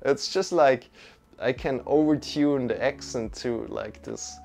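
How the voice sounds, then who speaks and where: Slow, calm Swiss man guiding yoga. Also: medium pitch. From Switzerland. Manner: calm, slow instructions mixed with chatty replies to viewers. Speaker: yoga teacher. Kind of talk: live-streamed guided yoga and meditation. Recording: faint music behind voice.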